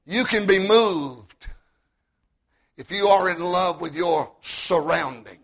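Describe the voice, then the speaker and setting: Male preacher, very high and gravelly voice, slow, folksy humor, builds to shouts. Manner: folksy joking storytelling, rising to shouts; repeats words when starting sentences. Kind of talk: sermon.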